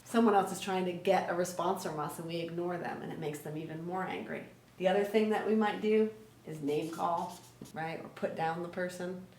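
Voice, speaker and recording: Energetic woman teaching in an echoey room. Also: fairly low pitch, moderate pace, slight background noise. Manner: energetic, asks questions, tags "right?". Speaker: conflict resolution trainer. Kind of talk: teaching lesson to children. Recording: echoey room, mic at a distance.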